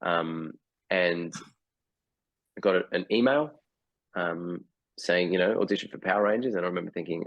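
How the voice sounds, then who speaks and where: Australian man in his 40s as interview guest, low voice, halting and full of ums, dry video-call audio. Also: dry recording, dull audio. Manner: hesitant, many fillers and restarts. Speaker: guest actor.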